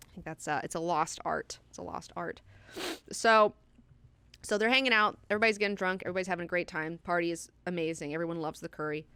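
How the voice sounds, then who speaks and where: A woman with a lowish, smooth voice talks through a book in a loose, chatty way, swearing freely. The sound is dry and close, with no room echo. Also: steady tone, quick pace, a bit bright. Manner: candid, profane, chatty. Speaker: host of a book class. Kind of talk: casual lecture with personal asides.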